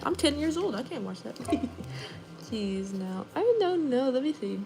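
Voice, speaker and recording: A woman's voice: high voice, measured pace, background noise. Chatty woman nail artist on a livestream. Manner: chatty, animated, says "like" often. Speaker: nail artist streaming live. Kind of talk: casual livestream chat. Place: nail studio.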